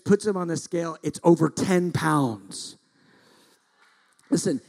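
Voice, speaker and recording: A middle-aged male pastor preaching, telling a story with lively acted-out quotes. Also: a little high. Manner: animated storytelling, acts out quotes loudly. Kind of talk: sermon.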